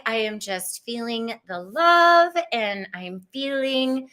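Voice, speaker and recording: A woman's voice: a little high, big pitch swings, slow, bright, forceful tone. A woman hosting a live tarot stream, gushing and greeting viewers by name in casual chat.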